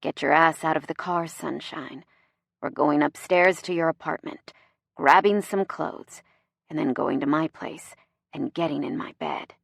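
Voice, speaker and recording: A woman putting on a bossy, flirtatious man in an audiobook. The voice sits low and gruff, teasing and sure of itself. It is recorded dry and close. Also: measured pace, no room sound, exaggerated voice. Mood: commanding.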